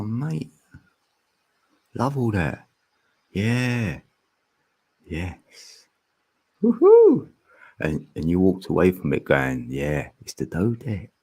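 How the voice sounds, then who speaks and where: A man's voice: lowish voice, creaky, a little mellow, breathy edge. A man hosting a casual livestream, joking, rambling and laughing often, sometimes singing along loosely. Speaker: livestream host. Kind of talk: casual live stream chat.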